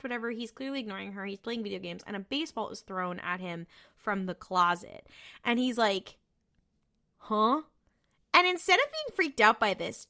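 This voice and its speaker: Woman podcast co-host, bright clear tone, casual recap, chatty, swears a lot. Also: on the high side. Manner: chatty, swears freely, retells scenes with quoted voices.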